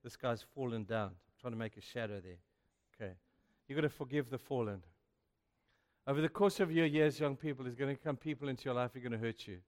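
A man's voice: mid-range voice, quick pace, a little mellow. A man preaching a sermon to young people, emphatic and chatty, often saying "you know". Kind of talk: youth sermon. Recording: echoey hall.

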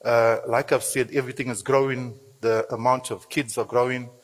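A man preaches in a church hall, his voice a little husky as it rings out with a long reverb. He talks in a lively, joking way and throws in playful asides. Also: medium pitch, normal speed. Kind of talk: sermon with church announcements.

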